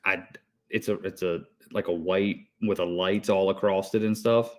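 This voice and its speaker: Man, 30s, podcast co-host, lowish voice, hyper and breathless, swears a lot, rambling storyteller. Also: steady tone, normal speed. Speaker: podcast co-host, HVAC technician. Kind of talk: casual chat.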